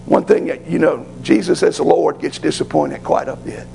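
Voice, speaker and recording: A man's voice: on the high side, moderate pace, gravelly, warm tone, soft background music, low-quality recording. A man preaching a sermon as pastor, rising to fervent pleading.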